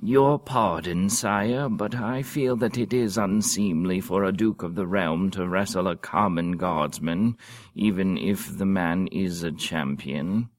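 A man's voice: low voice, unhurried, dry recording. A man voicing a dignified old white-haired duke in a read-aloud story, formal and courtly. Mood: courteous.

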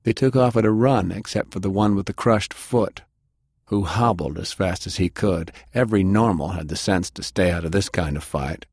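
Deep-voiced man reading an audiobook. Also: normal speed, a little mellow, breathy edge, dry recording, studio quality. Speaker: narrator. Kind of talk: audiobook narration.

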